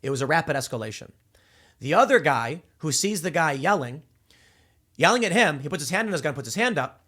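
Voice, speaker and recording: A man's voice: a little high, fairly quick. Fired-up male political commentator. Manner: animated, acts out voices mid-story, frequent restarts.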